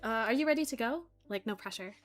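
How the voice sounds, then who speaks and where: A woman's voice: a little high, expressive, fast talker, faint music behind. A woman chatting casually with fellow voice actors on a voice call, gushing with praise and full of fillers. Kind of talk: casual chat among voice actors.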